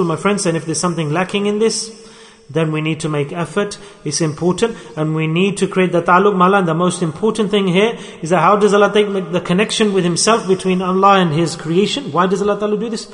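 A man preaching a sermon in a large mosque, emphatic and storytelling, with many rhetorical questions. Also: high voice. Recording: echoey hall reverb.

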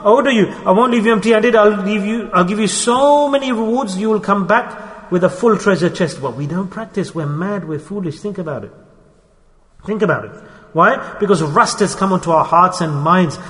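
A male Islamic preacher giving a sermon through a personal story. He repeats his points, asks rhetorical questions, and swings from loud urging to hushed asides. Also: sits high, fairly quick, big-room sound.

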